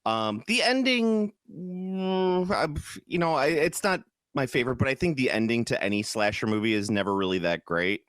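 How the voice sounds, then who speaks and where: Speaking at normal speed, this Chicago podcast co-host has an expressive, mid-range voice with a fairly bright tone. His casual talk is rambling and eager, and he keeps cutting himself off and restarting. The studio recording is clean, without echo.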